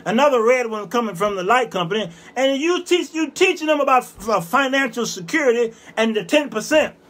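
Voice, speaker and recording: A man in his fifties hosting a show, delivering a fiery, scolding monologue with repeated hammering phrases and bursts of shouting. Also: very high voice, animated, a little fast. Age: 50s. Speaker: show host. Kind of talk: ranting monologue.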